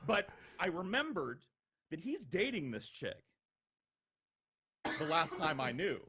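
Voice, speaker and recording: Animated, profane young man telling a story. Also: fairly high pitch, takes it slowly, noisy background. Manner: animated, profane, acts out quoted voices. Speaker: podcast regular telling stories. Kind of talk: casual storytelling.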